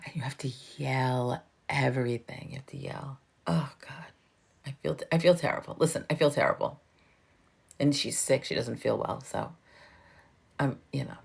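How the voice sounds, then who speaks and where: Very low, gravelly woman in her fifties. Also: moderate pace, pauses often, darkish tone. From New York. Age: 50s. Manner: laughing, chatty, swears freely. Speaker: livestream host. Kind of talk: casual chat with viewers.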